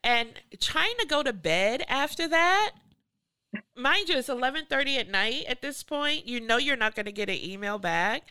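A middle-aged woman, an artist and professor, telling a story in an animated way and acting out the voices she quotes. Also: high voice, normal speed, smooth. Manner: animated, acts out quoted voices, laughs often. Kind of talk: storytelling in a podcast conversation.

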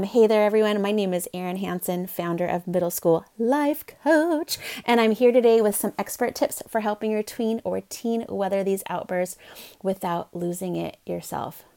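A woman's voice: medium pitch, darkish tone. A middle-aged woman hosting a parenting podcast, talking in a chatty, upbeat way with plenty of fillers. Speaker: podcast host, parenting coach. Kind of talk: casual podcast talk.

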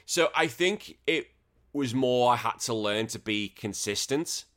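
Young British man, podcast host, casual rambling chat, swears often, middle pitch. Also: lively intonation, a little slow, fairly bright tone. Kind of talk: casual chat answering listener questions.

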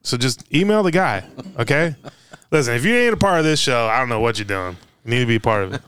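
A man hosting a casual sports talk show, easygoing and quick to laugh. His voice comes through crisp and very clear. The sound is dry and close, with no room echo. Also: mid-range voice, lively intonation, fairly bright tone. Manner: laid-back, laughs often, steers the talk. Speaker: podcast host. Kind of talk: casual sports podcast chat.

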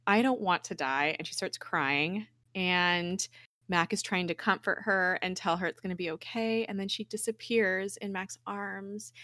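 A woman co-hosts a casual podcast, recapping a TV episode in an animated way, laughing a lot and getting tearful. Her mid-range voice runs a little slow, and the recording is dry with clean studio sound.

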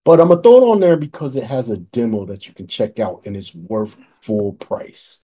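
Man pitching game deals, husky mellow voice. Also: animated, normal speed, few pauses. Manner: enthusiastic deal pitching, repeats himself. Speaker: podcast co-host presenting game deals. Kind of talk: casual podcast chat. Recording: choppy online call audio.

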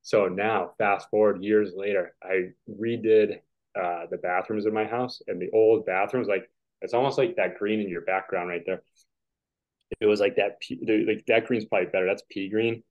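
A man in his forties, a guest on a video call, telling casual stories in a rambling way with lots of fillers. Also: on the low side. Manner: rambling, filler-heavy, chuckling. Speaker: podcast guest, tennis player. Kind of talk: casual storytelling. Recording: dull lo-fi call audio.

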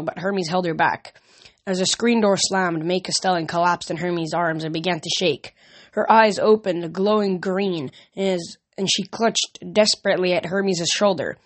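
A woman reading a first-person novel aloud in a steady, even storytelling manner. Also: lowish voice. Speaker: audiobook reader.

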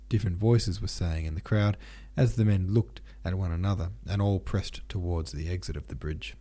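A man's voice: sits low, normal speed, warm tone. A man narrating an audiobook in a casual, slangy retelling.

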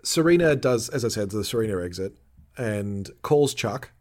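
Animated man recapping a show. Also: lowish voice, moderate pace. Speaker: podcast host. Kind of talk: casual chat.

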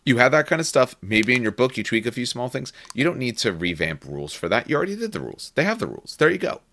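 A man's voice: medium pitch, very animated, fast, pushed and bright, no room sound. A man hosting a podcast in casual gaming chat, opinionated and rambling with restarts. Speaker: podcast host.

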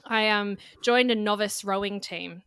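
A woman's voice: mid-range voice, unhurried, fairly bright tone, clear, resonant tone, no room sound, clean studio sound. An Australian woman hosting a podcast, chatting casually with winding asides and frequent laughter. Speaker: podcast host.

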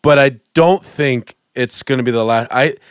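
A man's voice: mid-range voice, normal speed, clean tone, no echo. A man hosting a casual sports podcast, rambling and joking, often trailing off and restarting. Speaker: podcast host. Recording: dry podcast mic.

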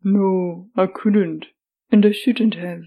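A woman voicing a calm, earnest ex-boyfriend in an audiobook, speaking in a soothing, reasoning way. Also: mid-range voice, slow, slightly rough, phone-quality sound. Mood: calm, pleading. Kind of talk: audiobook character voice.

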